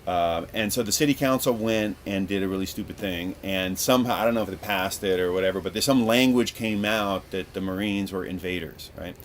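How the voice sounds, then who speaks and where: A man from Northern California hosting a podcast, rambling through a casual, profane story in an animated way. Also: low voice, a little fast, hardly any pauses, a little hiss or hum. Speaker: podcast host.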